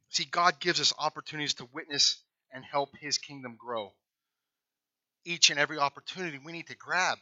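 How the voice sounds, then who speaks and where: A man's voice: on the high side, bright, forceful tone, dry recording, dull audio. A male pastor telling a folksy story in a conversational sermon.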